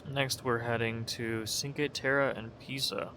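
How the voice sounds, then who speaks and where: A young man drifts through casual commentary over a flight game, often restarting his sentences and sounding like he just woke up. His voice sits at an ordinary middle pitch. A faint hiss runs under the recording. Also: little pitch movement, measured pace, sharp tone. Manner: rambling, self-correcting, sleepy. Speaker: gaming video creator.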